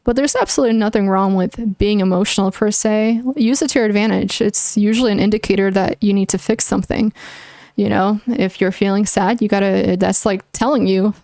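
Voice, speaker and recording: A young woman chats on a livestream, mid-pitched and plainly earnest as she works through her opinions out loud. She hedges with likes and restarts her sentences. The sound is close and dry, with no room around it. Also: steady tone, fairly quick, dry recording. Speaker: streamer. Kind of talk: casual livestream chat answering viewers.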